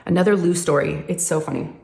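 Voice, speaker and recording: Chatty woman, lowish voice. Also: quick pace, gravelly, roomy sound. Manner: chatty, animated, says "y'all" often. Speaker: crafting vlogger and mother. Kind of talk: casual storytelling chat while crafting.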